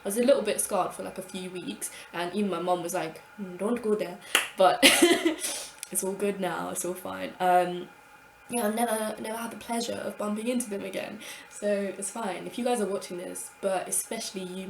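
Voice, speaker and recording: Woman vlogger, young adult, lively storytime delivery, roomy echo, faint hum behind. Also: mid-range voice, fairly quick, gravelly. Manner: animated, swears freely, acts out her own past thoughts. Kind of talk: casual storytime monologue.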